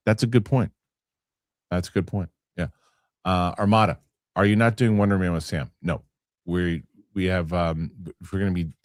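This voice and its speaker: A man's voice: sits low, no echo, studio quality. A middle-aged man hosting a casual live show, rambling through viewer comments and swearing freely. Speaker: host.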